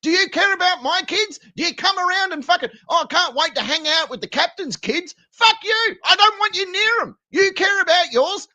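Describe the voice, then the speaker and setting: A man with an Australian accent, streaming and ranting crudely, swinging between loud outbursts and low mumbles. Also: expressive, normal speed, hardly any pauses. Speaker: streamer reacting to videos. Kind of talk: crude comedic rant.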